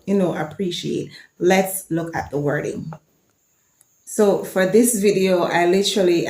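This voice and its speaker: A woman's voice: on the low side, reverberant. A woman from Jamaica with a Jamaican accent, chatting enthusiastically to her viewers in a casual vlog. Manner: chatty and enthusiastic, sometimes reciting lines. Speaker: vlogger.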